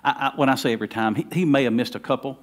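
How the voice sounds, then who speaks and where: A middle-aged pastor from the Southern United States preaches in a mid-range voice at a racing pace. His sermon starts conversationally and builds to fervent emphasis.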